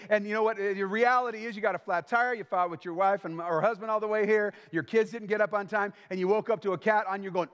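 A man preaching a sermon as pastor, emphatic and lively, acting out little bits of everyday small talk. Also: sits high, fast talker, few pauses, big-room sound.

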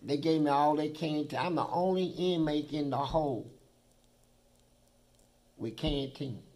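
A man's voice: on the high side, a little slow, a little mellow. A man being interviewed who tells blunt, profane stories about prison life in a vivid, swearing manner. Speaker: interview guest.

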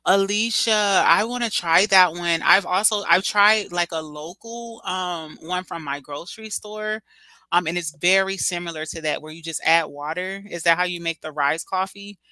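A woman's voice: on the low side, normal speed, bright, forceful tone, no echo. A young woman hosting a casual livestream, talking to her chat in a chatty, dramatic way with lots of slang. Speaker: livestream host reading chat.

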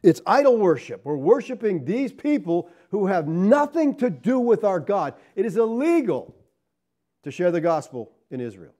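Animated preacher man with lively pitch. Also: moderate pace. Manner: animated preaching with rhetorical questions to the congregation; swings between loud emphatic lines and low asides. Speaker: pastor. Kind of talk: sermon.

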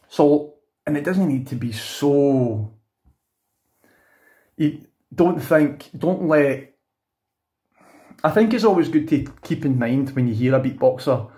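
A man's voice: mid-range voice, darkish tone. A young Scottish man teaching beatboxing in a casual, rambling video tutorial, often correcting himself mid-sentence. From Scotland. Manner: chatty, rambling, frequent self-corrections and "you know what I mean".

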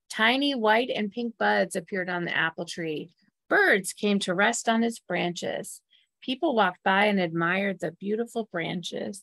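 A woman reads a children's picture book aloud, slowing down for the story and stopping to ask her listeners questions. Her mid-pitched voice has a slight gravelly texture. The recording is close and dry. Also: no room sound. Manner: warm, asks listeners questions. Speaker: temple staff or clergy storyteller.

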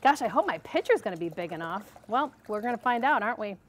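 Bubbly arkansas lady doing a tv cooking segment, kinda high voice, jokey, mixing stuff in a studio kitchen. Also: animated, quick pace. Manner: bubbly, jokey, talks to camera while mixing. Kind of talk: chatty cooking demonstration.

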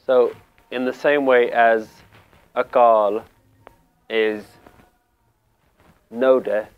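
Slow, calm male Sikh teacher. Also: mid-range voice, clean tone, phone-quality sound, soft background music. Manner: calm, deliberate, repeats key phrases. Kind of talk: slow spiritual explanation.

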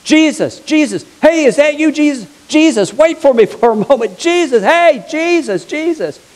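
A man playing a desperate mother, shrill and insistent. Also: expressive, normal speed, darkish tone. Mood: pleading, insistent. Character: desperate mother shouting after someone.

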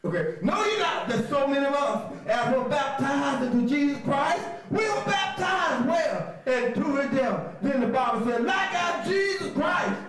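A man teaching a call-and-response Bible lesson, often shouting, laughing, and spelling words out letter by letter. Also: very high-pitched, lively intonation, moderate pace, hardly any pauses, distant mic, over a noisy crowd. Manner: laughs often, coaxing the class to repeat. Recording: very echoey room.

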